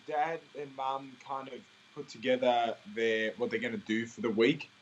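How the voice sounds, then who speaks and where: A man's voice: medium pitch, flat delivery, normal speed, muffled recording. Easygoing young Australian man. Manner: easygoing, laughs often, rambling fillers. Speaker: interviewee, singer. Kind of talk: casual interview chat.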